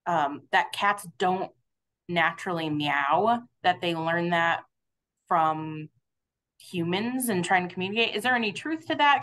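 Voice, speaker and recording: A woman's voice: lowish voice, a bit bright. A woman hosting an online talk, asking curious, friendly questions over a video call. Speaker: interviewer, host. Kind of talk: webinar interview.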